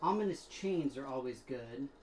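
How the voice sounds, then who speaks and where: A man comments on his gameplay in a loose, playful, rambling way. His voice sits in a roomy space with a steady wash of noise behind it. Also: medium pitch, normal speed. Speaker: gaming streamer.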